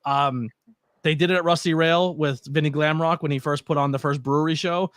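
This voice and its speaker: A man's voice: a little high, fairly even intonation, brisk, fairly bright tone, no room sound, clean studio sound. A man speaking as a podcast guest, rambling enthusiastically and restarting his sentences often. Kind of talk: casual chat.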